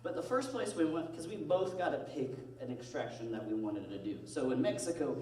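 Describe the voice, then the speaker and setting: A man's voice: fairly quick, a little hiss or hum. A young man in his twenties telling self-deprecating comic stories about his marriage in a monologue, heard from a distant mic in an echoey room. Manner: animated, self-deprecating, jumps into high-pitched voices. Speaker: comedic monologue performer. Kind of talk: comedic storytelling monologue.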